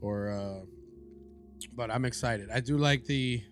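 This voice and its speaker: A man's voice: mid-range voice, a little slow. A man co-hosting a casual horror-movie podcast, laid-back and joking, swearing freely, with music faint behind him. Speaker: podcast co-host. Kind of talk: casual chat.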